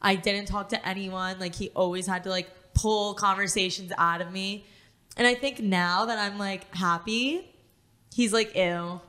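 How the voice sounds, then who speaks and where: Young female co-host, bright voice, animated, teasing storyteller. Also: mid-range voice, a little slow. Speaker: podcast co-host. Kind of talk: casual chat.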